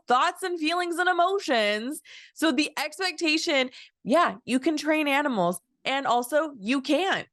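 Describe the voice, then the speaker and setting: A woman's voice: sits high, pushed and bright, no room sound, clean studio sound. A woman co-hosting a podcast in casual chat, earnest and indignant, often restarting her sentences. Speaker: podcast co-host.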